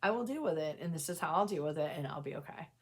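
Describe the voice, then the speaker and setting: Woman vlogger w a low voice, just talking to camera, earnest, kinda self-deprecating, lots of restarts. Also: lively intonation, quick pace, slightly rough. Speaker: mental health vlogger sharing personal experience. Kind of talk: candid casual talk to camera.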